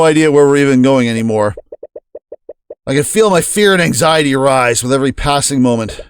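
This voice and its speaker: A man's voice: mid-range voice, lively intonation, fairly quick, clean tone, dry recording, clean studio sound. A man streaming a game playthrough, joking and reading the game's text aloud.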